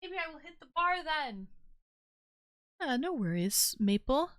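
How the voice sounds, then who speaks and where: A woman's voice: high-pitched, big pitch swings, takes it slowly, long pauses, dry recording, studio quality. A tired woman hosting a livestream call-in show, chatting casually and playfully teasing her callers. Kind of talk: casual chat.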